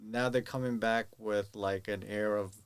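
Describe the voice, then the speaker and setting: A man in a casual podcast chat who chimes in with quick jokes. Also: fairly low pitch, steady tone, clean tone, no echo.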